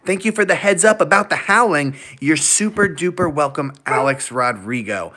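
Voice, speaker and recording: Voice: medium pitch, expressive, moderate pace, sharp tone. A livestream host chatting casually with viewers at night, upbeat and laughing often. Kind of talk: casual live-stream chat.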